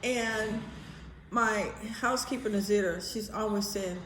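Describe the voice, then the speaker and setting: A woman vlogging in a casual, animated chatty way, swearing now and then. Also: mid-range voice, moderate pace, reverberant, a little hiss or hum. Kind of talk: casual chat to camera.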